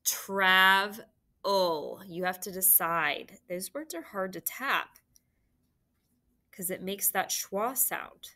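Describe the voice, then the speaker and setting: A woman teaching phonics to young children, speaking at an unhurried, deliberate pace. Her voice is bright and sharp, and she talks with clear, encouraging instruction. Her pitch sits right in the middle. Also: expressive.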